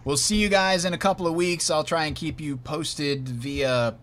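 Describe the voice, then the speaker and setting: Brief: upbeat male host, fairly high voice, jokey banter. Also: normal speed, a little hiss or hum. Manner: animated, laughs often, jokey. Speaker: podcast host. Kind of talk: casual chat.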